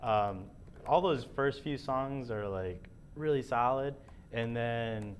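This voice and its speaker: A young man co-hosting a casual music commentary show, talking in a relaxed, rambling way with many fillers. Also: mid-range voice, takes it slowly, a little hiss or hum. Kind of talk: casual chat.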